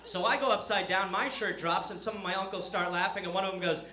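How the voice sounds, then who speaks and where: A man's voice: sits high, quick pace. A man telling a self-mocking stand-up story on a comedy club stage. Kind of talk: stand-up set. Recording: echoey club room with audience noise.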